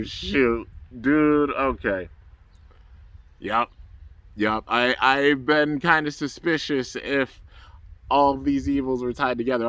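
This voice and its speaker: A man casually recapping an animated episode in a loose, rambling way, full of fillers and bursts of excitement. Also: medium pitch. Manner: rambling, loose and enthusiastic, full of "um" and "you know". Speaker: anime episode reviewer.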